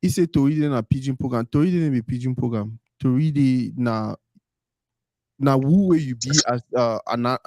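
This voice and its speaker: A man's voice: medium pitch, moderate pace, warm tone, no room sound, studio quality. A man hosting a casual interview, easygoing, switching between Pidgin and English. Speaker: host.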